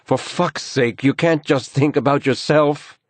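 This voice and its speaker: A man's voice: mid-range voice, unhurried, no room sound, voice pushed up, natural voice. A man reading an irritable, dismissive husband. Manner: patronizing, brushing things off.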